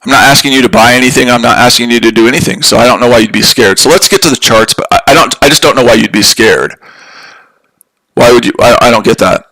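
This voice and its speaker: A man's voice: medium pitch, fast talker, bright, forceful tone, rough recording. A man hosting a live trading stream, ranting in a heated, profane and repetitive way. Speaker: livestream trading host. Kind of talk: angry live-stream rant.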